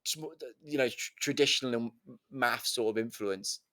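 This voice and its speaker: A man's voice: medium pitch, normal speed, sharp tone. Chatty man teasing his co-host. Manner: chatty and teasing, rambling with fillers like "like". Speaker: album review co-host. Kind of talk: casual chat about music.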